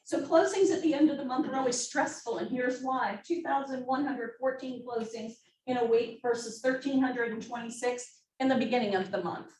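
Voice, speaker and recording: A woman's voice: on the high side, normal speed, a little mellow. A woman running an office team meeting presentation, upbeat and making joking asides. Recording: roomy, distant mic, faint noise.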